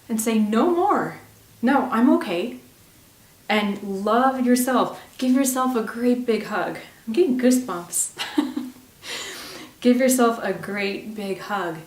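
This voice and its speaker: A woman hosting a self-help video, talking warmly and encouragingly straight to the viewer. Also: mid-range voice, echoey room, far from the mic. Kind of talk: gentle spoken self-help talk.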